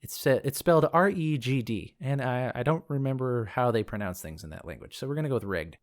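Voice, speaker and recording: A man's voice: mid-range voice, lively intonation, a little fast. A man hosting a lore podcast, reading from a book and wandering into casual asides as he thinks aloud. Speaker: podcast host discussing game lore.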